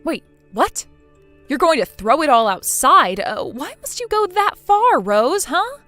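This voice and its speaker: A woman's voice: sits high, sing-song, a little slow, soft background music, full character voice. Woman voicing a sarcastic young wife. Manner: sarcastic, quietly mocking. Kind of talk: scripted text-message drama reading.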